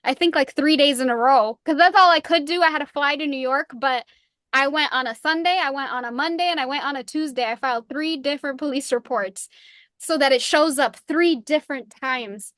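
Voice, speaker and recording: High voiced woman guest, earnest advice, lots of ums, dry close sound. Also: a little fast, fairly bright tone, dry recording. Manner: earnest, advising, with fillers. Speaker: podcast guest. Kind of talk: casual interview talk.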